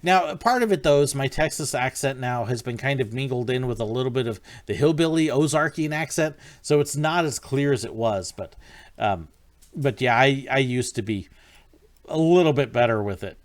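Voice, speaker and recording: A man's voice: mid-range voice, lively intonation, moderate pace. A man hosting a casual livestream, answering viewer questions in a rambling, friendly way with frequent ums. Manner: friendly, greets viewers by name. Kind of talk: casual live-stream chat.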